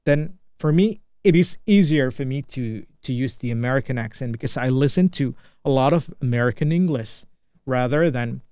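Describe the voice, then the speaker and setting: A man's voice: mid-range voice, expressive, normal speed, mellow, clear, resonant tone, no echo. A man from Indonesia with an Indonesian accent, a native Indonesian speaker, thinking aloud in an unscripted solo vlog and often restarting and repeating phrases. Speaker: vlogger practicing English.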